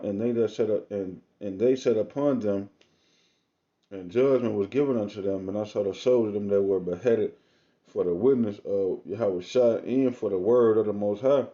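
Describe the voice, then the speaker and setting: A man reading scripture aloud in a casual, slangy manner, with drawn-out asides between the verses, recorded on a phone or webcam. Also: on the low side, dark tone, muffled recording. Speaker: self-styled preacher.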